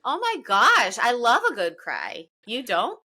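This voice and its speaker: A woman's voice: on the high side, wildly swooping pitch, measured pace, bright, forceful tone. A woman in her thirties co-hosting a casual chat, telling emotional stories. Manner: chatty, emotional storytelling. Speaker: podcast co-host.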